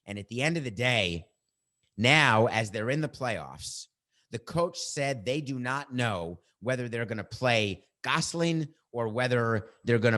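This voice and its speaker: A middle-aged man hosting a sports podcast, giving his opinions in a combative, animated way and bantering with his producer. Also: on the low side.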